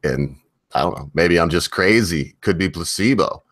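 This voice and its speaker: A man with a very low voice hosts a casual stream, rambling through his points with plenty of fillers and easy laughs. The sound is dry and close, with no room around it. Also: expressive, moderate pace, a bit bright, no echo. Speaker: podcast host.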